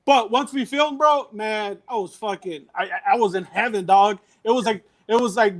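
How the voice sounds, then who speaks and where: A man's voice: high voice, moderate pace. A male comedian, chatting casually on a podcast, swearing and repeating himself as he gets going. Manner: profane, slangy, repeats words when excited. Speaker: comedian and actor.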